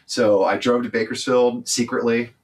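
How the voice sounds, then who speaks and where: A man's voice: mid-range voice, level tone, moderate pace. A man from California speaking candidly as an interview guest, blunt, emphatic and freely profane.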